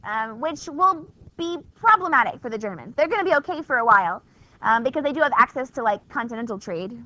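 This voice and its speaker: A woman with a high, sharp voice teaches a history class in a chatty, wry, conversational lecture full of rhetorical questions. The classroom recording is dull and lo-fi.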